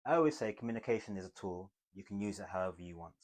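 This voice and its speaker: A slightly low-pitched man coaching viewers on how to speak. He talks emphatically, jumping from punchy loud lines to quiet, hushed ones. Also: animated, very fast. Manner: emphatic, swings between loud and hushed delivery. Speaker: communication coach. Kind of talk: motivational teaching to camera.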